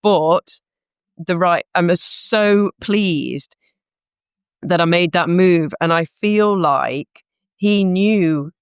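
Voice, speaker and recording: A woman's voice: fairly low pitch, very slow, clean tone, dry recording, clean studio sound. A woman guest in a podcast interview, telling a heartfelt, reflective story about her career.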